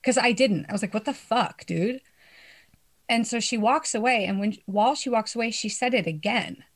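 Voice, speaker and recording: A woman's voice: a little high, fairly quick. A young woman in casual chat with friends, telling a story with lots of swearing and laughter.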